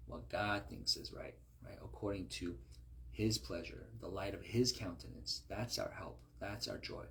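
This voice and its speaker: A man's voice: low-pitched, fairly bright tone, a little hiss or hum. A man reading scripture aloud and explaining it in a conversational way, often checking in with his listeners. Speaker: Bible teacher.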